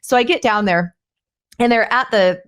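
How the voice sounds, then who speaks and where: A woman's voice: normal speed, clean tone. A woman podcast host telling a story in casual conversation, animatedly acting out what others said. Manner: animated, acts out quoted voices with rising pitch.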